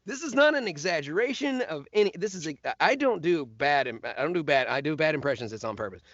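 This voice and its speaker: A man's voice: on the high side, fast, no room sound, dull audio. A man, a voice actor guest, telling stories in casual chat and slipping into other voices as he goes. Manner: animated, slips into voices and laughs while telling stories.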